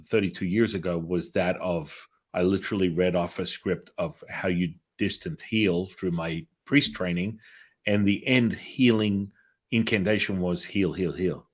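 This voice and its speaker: Middle-aged male storyteller, lowish voice, chatty interview guest, does the other people's voices. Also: measured pace. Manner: animated storyteller acting out quoted voices. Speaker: spiritual healer guest.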